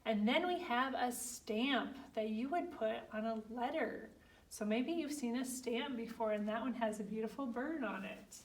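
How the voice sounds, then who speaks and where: A woman leading a children's library storytime, gently explaining pictures to young kids. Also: a little high, moderate pace. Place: library room. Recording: echoey room, mic far off.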